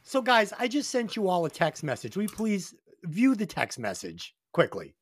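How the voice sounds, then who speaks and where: A man's voice: high voice, moderate pace, a little hiss or hum. A man hosting a podcast, telling crude stories with heavy swearing and reviewing an album. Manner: profane, animated storytelling. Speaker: podcast host.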